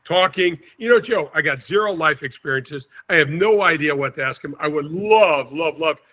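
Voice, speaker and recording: A man in his sixties from St. Louis, a podcast guest telling an animated anecdote and acting out the quotes. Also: on the high side, normal speed. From St. Louis, USA. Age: 60s. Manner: lively storyteller, acts out quotes, chuckles often.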